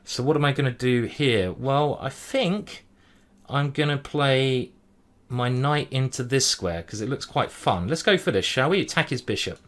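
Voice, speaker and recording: A man streaming a simultaneous chess display, thinking aloud move by move in a hurried way and humming as he ponders. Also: mid-range voice, expressive, a bit bright. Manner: hurried, juggling many boards. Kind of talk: live-stream chess commentary.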